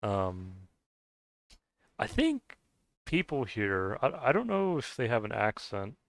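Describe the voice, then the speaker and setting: A man's voice: fairly low pitch, wildly swooping pitch, slow pace, gravelly, no room sound. An American man with a Scottish-sounding accent, chatting casually and rambling hesitantly while streaming a game, laughing often. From United States. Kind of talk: casual chat while gaming.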